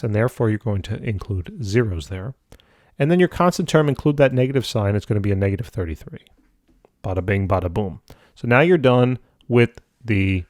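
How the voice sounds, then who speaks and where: A man's voice: on the low side, darkish tone, no room sound, studio quality. A man teaching a math lesson step by step in a casual, upbeat way with playful asides. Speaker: math tutor.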